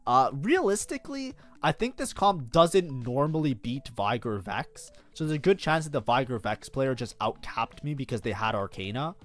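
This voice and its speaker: A man reviewing his own match as a streamer, swearing freely, bursting into frustrated outbursts and blaming himself. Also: medium pitch. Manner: self-critical, talks constantly. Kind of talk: casual gameplay commentary.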